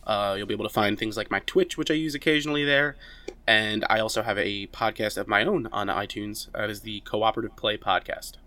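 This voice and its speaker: A man who writes about games, speaking as a podcast guest. His voice is low but bright and forward. He delivers dry, deadpan sarcasm in a relaxed chat. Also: fairly quick. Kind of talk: casual chat.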